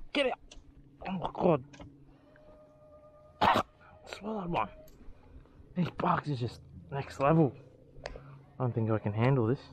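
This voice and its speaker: A young man, a fishing vlogger, chatting to his camera outdoors by the water, excitable and swearing as he mutters to himself. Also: medium pitch, gravelly, a little hiss or hum. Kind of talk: casual running commentary to camera.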